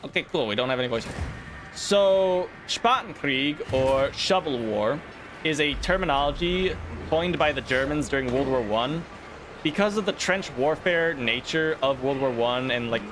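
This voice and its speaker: A young man streaming a video game, chatting casually in a rambling, jokey way with a lot of filler words. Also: a little high. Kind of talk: casual gameplay commentary. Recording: game music behind voice. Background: game music.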